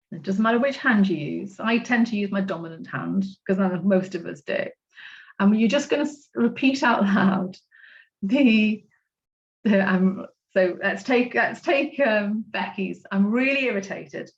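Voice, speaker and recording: A woman coaching a group through tapping points on a video call, gentle and encouraging as she walks through each step. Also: medium pitch, animated, measured pace, lo-fi sound. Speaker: self-love coach leading a tapping class.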